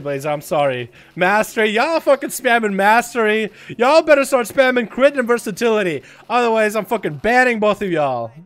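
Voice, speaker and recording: A man streaming a game, chatting casually to his viewers, profane and excitable with sudden loud outbursts. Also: sits high. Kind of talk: casual livestream commentary.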